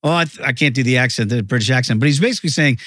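A man talking as a guest analyst in a casual sports betting chat, animated and emphatic. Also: medium pitch, racing, no room sound.

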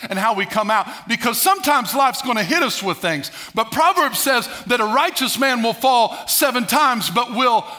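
Male pastor, sermon delivery, high voice with a bright edge, dramatic shifts from booming to hushed. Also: animated, moderate pace, hardly any pauses. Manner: emphatic, swings between loud declarations and hushed asides.

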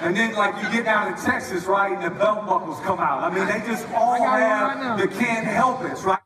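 A man's voice: high voice, normal speed, a loud crowd. A man giving a rambling, jokey church talk full of repeated lines. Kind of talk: joking church talk with mock regional voices. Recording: distant roomy recording with noisy hall ambience.

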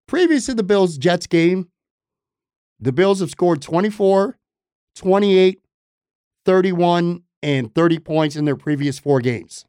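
Emphatic sports podcaster. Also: male voice, fairly high pitch, a little mellow, no room sound, clean studio sound. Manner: emphatic, opinionated, repeats points for stress. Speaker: podcast host. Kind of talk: sports opinion podcast monologue.

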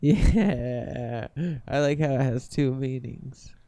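A young man co-hosts a podcast, chatting casually, joking with goofy wordplay and laughing a lot. His mid-range voice has a dark tone, he speaks slowly, and the recording is dry.

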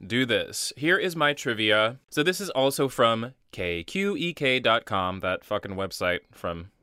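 A man's voice: mid-range voice, expressive, unhurried, bright, forceful tone, clear, resonant tone, no echo, studio quality. A man co-hosting a podcast who reads out film trivia with chatty, casual asides. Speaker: podcast co-host.

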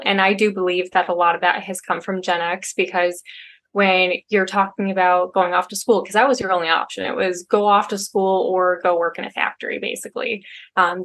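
A woman, a podcast guest, talking in casual chat and quoting others in a lively way. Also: medium pitch.

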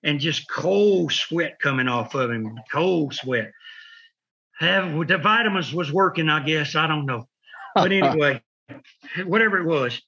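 A man's voice: on the high side, expressive, unhurried, gravelly, bright, forceful tone, husky, muffled recording. A man telling rambling stories in casual chat, acting out voices and sound effects. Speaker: wrestling podcast host telling stories.

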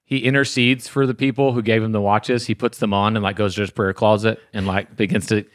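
A man co-hosting a podcast, jumping in eagerly with quick reactions in casual chat. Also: on the low side, level tone, dry recording, studio quality. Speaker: podcast co-host.

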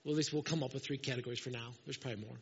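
A man preaching a sermon as pastor, telling the story in a lively way and acting out the lines he quotes. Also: medium pitch, racing, vocal fry, breathy edge. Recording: muffled, with long hall reverb.

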